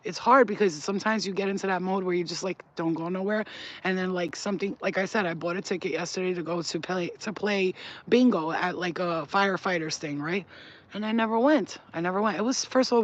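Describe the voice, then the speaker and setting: A man's voice: sits high, fairly bright tone, lo-fi sound. A man who works as a spiritual healer, chatting casually on a live stream. He talks in a loose, slangy and profane way and reads viewer comments aloud. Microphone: phone.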